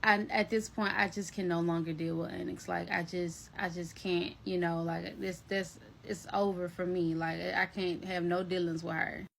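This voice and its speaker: A woman voicing a distraught, worn-out young woman who speaks low, quiet and halting. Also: little pitch movement, creaky, slight background noise.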